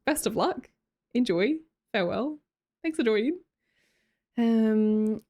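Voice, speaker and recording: Aussie girl streaming, chatty and giggly, pitch jumping around a lot. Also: lively intonation, slow pace, darkish tone. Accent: Australian. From Australia. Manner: bubbly, greets chatters, frequent laughs. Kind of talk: casual live-stream chat, reading chat aloud.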